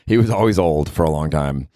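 A very deep-voiced man rambles through a solo comedy podcast, loose and slangy, full of "like" and "dude." The sound is dry and close to the mic. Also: lively intonation, moderate pace, mellow, no room sound. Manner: rambling, slangy, laid-back, lots of "like" and "dude". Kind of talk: casual comedic monologue.

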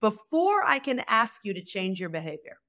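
A woman's voice: medium pitch, moderate pace. A woman guest on a podcast, a communication coach speaking emphatically and acting out little dialogues. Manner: animated, emphatic, acts out dialogue. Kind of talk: podcast conversation.

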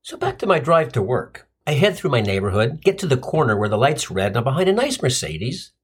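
Male comic host, sardonic storyteller, husky tone with a lively swinging pitch. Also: brisk. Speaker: comedy podcast host.

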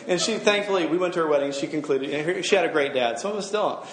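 A man's voice: a little high, fast, few pauses, reverberant, crowd noise. A middle-aged man giving a sermon to a gathered audience, talking casually, joking and asking the room questions. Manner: conversational, humorous, asks the room questions. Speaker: campus minister.

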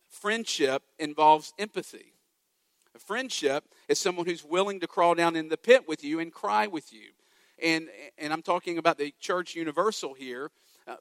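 A man's voice: on the high side, a bit bright, no echo. A man preaching a sermon as pastor, emphatic, with repeated lines and rhetorical questions.

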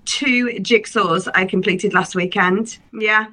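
A woman's voice: mid-range voice, slow pace, sharp tone. A woman co-hosting a podcast, chatty and jokey, often giggling. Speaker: podcast co-host. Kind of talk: casual podcast chat.

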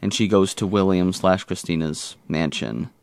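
A man's voice: deep voice, normal speed, creaky, a little mellow, clear, resonant tone, dry recording, studio quality. A man co-hosting a podcast, recapping a TV episode in casual chat with jokey, rambling asides. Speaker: podcast co-host.

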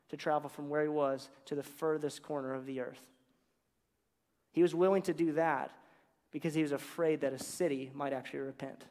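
A man's voice: a little high, a little fast, a little mellow. Casual, joking man preaching in a hall. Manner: casual, humorous storytelling with slangy asides. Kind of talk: sermon.

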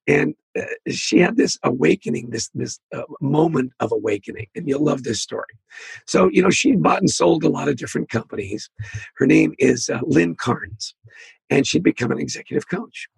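Male guest, very gravelly and husky, animated storyteller who acts out the dialogue. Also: on the high side, moderate pace, no echo. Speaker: guest, leadership author. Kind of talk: storytelling interview talk.

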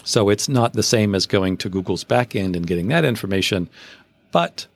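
A man with a fairly low voice hosts a casual podcast, explaining things step by step and offering frank opinions. The sound is dry and close to the mic. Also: animated, moderate pace, no room sound. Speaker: SEO podcast host.

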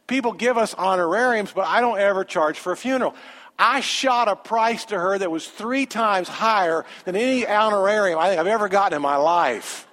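Preacher guy, kinda high voice, chatty storytelling, big echo hall. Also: moderate pace. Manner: conversational, animated anecdote with quoted dialogue. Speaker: pastor. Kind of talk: sermon storytelling. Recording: long hall reverb.

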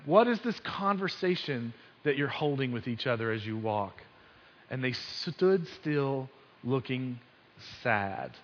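A male pastor giving a conversational sermon, telling the story with sports asides and frequent restarts. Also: medium pitch. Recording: dull sound with long hall reverb.

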